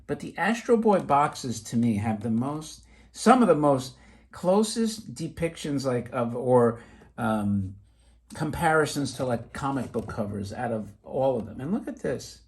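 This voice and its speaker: Middle-aged guy rambling excitedly about old toys, husky voice, pitch jumping all over. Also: a little slow. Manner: chatty, excitable, rambling asides. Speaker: toy collector vlogger. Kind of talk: casual show-and-tell.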